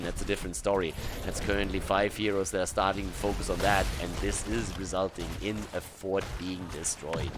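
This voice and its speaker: A man casting a video game match by himself, excited at big plays and calm between them. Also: low voice. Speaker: esports caster. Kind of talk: solo play-by-play commentary.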